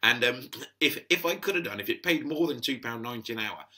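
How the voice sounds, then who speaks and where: A man's voice: mid-range voice, lively intonation, fast talker, sharp tone. A middle-aged man telling stories in a chatty, rambling way, full of restarts, as a podcast guest. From England. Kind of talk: casual storytelling.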